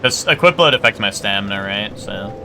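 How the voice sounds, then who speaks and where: A man's voice: lowish voice, lively intonation, brisk, background noise. A man streaming a game and chatting casually, rambling and playfully arguing with his chat. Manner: rambling, self-correcting, argues playfully with chat. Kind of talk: casual live-stream chat while gaming.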